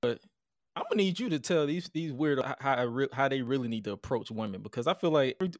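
A man's voice: mid-range voice, animated, quick pace, no room sound, clean studio sound. A man hosting a podcast, easygoing and laughing along, stumbling over his words in casual chat. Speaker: podcast host.

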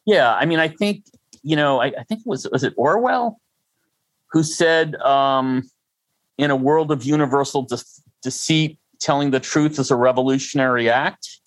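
An older freelancer as an interview guest, rambling and self-deprecating with frequent restarts. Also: male voice, medium pitch, moderate pace, dry recording, poor audio. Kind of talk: conversational interview.

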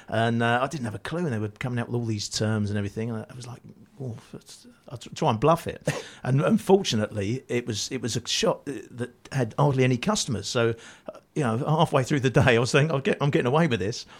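A man's voice: medium pitch, fast talker, few pauses. A man who is an actor, guesting on a radio show, telling self-deprecating stories with frequent laughter. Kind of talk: casual radio chat.

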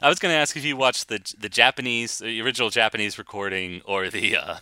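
A man's voice: lowish voice, fast talker, bright, forceful tone, no room sound. A man co-hosting a casual podcast chat about a film, talking loosely with frequent laughs and restarts. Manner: chatty, laughs often, restarts sentences. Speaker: podcast co-host.

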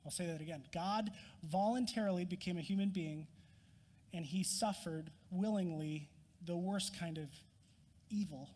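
A man preaching a sermon as a pastor, earnest, rising to emphatic peaks and dropping to quiet. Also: a little high, breathy edge, in a large hall. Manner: earnest, rises in emphasis then drops quiet.

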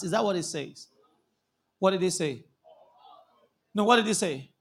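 A man preaching a sermon as a pastor, impassioned, bursting into shouts and calling for the congregation to answer back. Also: high-pitched, lively intonation, normal speed, gravelly, pauses often, husky. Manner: impassioned, calls out for congregation responses. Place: church service.

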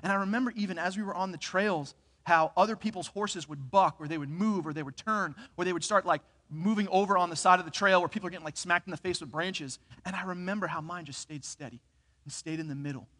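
A man preaching a sermon, telling a personal story in an earnest, animated way. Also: sits high, quick pace. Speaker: pastor. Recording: reverberant hall.

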